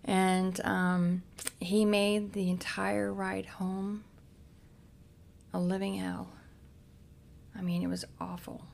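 A woman from Cincinnati, a podcast guest, frankly and haltingly recounting her own past with many restarts. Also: mid-range voice, level tone, creaky, a little mellow, a little hiss or hum. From Cincinnati, United States. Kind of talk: candid personal storytelling.

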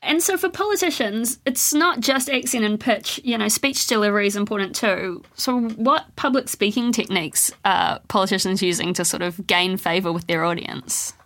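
A woman hosts a radio interview and puts curious, friendly questions to her guest. Her voice sits at a middling pitch. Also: moderate pace, hardly any pauses, fairly bright tone.

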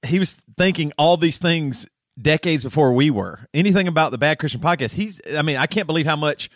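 A man's voice: a little high, lively intonation, fairly quick, no room sound. Southern guy on a podcast rambling along, lots of restarts, dry close sound. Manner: rambling, self-correcting, laughs often. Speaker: podcast co-host. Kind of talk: casual chat.

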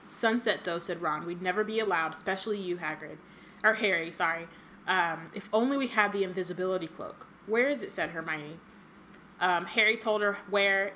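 A woman on a podcast, co-hosting a casual chat, reads a book aloud and keeps breaking in with ums and joking asides. Her voice is medium in pitch with a sharp tone, and the poor audio carries a little hiss or hum.

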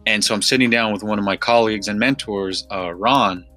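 A man's voice: lowish voice, brisk, sharp tone, soft background music. An American man co-hosting a podcast, telling a story in a rambling, casual way with fillers and restarts. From United States. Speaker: podcast co-host.

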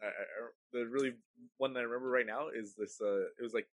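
A man's voice: medium pitch, steady tone, quick pace, no echo. A young man chatting casually with friends, telling a rambling story full of swearing. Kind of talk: casual chat among friends.

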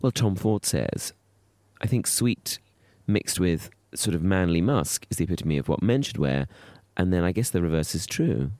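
A man's voice: low-pitched, lively intonation, moderate pace, a little mellow. A man co-hosting a podcast, camp and teasing in casual banter. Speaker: podcast co-host. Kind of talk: casual chat.

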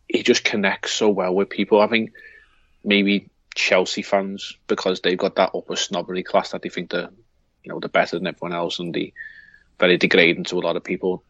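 A deep-voiced man with a Liverpool accent co-hosts a podcast, his tone a bit bright. His casual chat is rambling and hesitant, with frequent fillers and restarted sentences, and the lo-fi recording has no echo.

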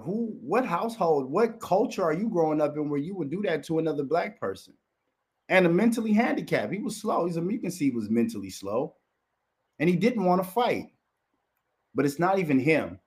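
A man's voice: on the high side, very animated, a little fast, a little mellow. A man commenting on video clips in an aggressive, profanity-heavy rant.

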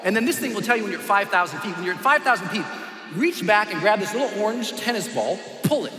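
Brief: a man doing a steady, soothing skydive coach, lowered voice, big lively swings, echoey hall. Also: fast talker, faint music behind. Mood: calm. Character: calm, steady male skydiving instructor.

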